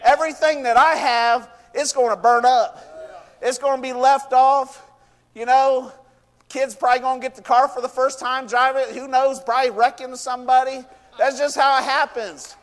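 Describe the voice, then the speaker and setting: High-voiced fervent man preaching. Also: steady tone, normal speed. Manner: fervent, repeats "you know what" and "I tell you". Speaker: pastor. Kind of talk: sermon. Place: church. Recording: long reverb of a church hall.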